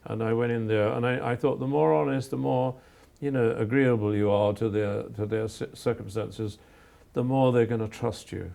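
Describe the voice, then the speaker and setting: Older male photographer from England, gravelly and mellow, earnest and reflective. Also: mid-range voice, steady tone. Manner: earnest, measured, with frequent restarts. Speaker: photographer guest. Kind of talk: reflective interview answers.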